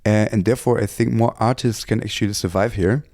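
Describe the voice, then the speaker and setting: Low, mellow German-accented man. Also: fairly even intonation, a little fast, creaky, no echo, studio quality. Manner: thoughtful, hesitant with many fillers. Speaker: interviewee, composer. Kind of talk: reflective interview.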